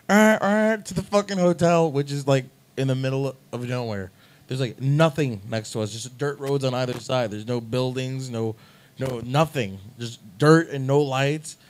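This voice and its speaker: A man's voice: mid-range voice, darkish tone. A young man telling a long, profane, rambling story about playing music on tour, in a casual podcast chat.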